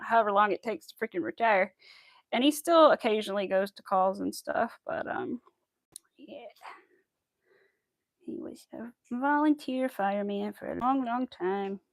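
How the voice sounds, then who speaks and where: A woman's voice: medium pitch, creaky, no echo. A woman hosting a casual crochet livestream, chatting and giggling with viewers as she works. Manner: chatty and giggly, talking to viewers while crafting. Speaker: crafting channel host.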